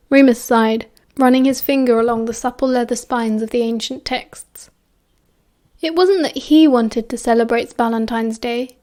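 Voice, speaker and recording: A woman with a British accent narrating an audiobook in a steady, even storytelling voice. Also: fairly high pitch, normal speed. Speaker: audiobook reader.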